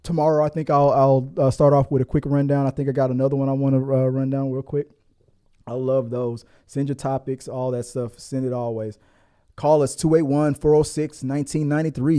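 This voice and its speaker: A middle-aged man hosting a casual commentary show, laughing often and jumping into high mock voices. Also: warm tone. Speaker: host.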